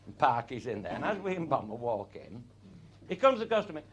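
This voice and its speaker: A man's voice: medium pitch, big pitch swings, a little fast. A man telling a comic anecdote in an earthy way, swearing freely and chuckling through his punchlines. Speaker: raconteur.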